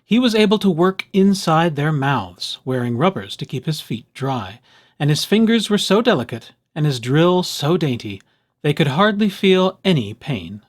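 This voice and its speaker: Animated man reading a picture book. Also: on the high side, normal speed. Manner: expressive, animated storytelling. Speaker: storyteller. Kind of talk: children's picture book read-aloud.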